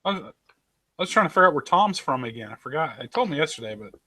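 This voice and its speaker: A laid-back man with a Western US accent, asking curious questions in an online group chat. His voice is bright and fairly high, close and dry with no room sound. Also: big pitch swings, quick pace, no echo.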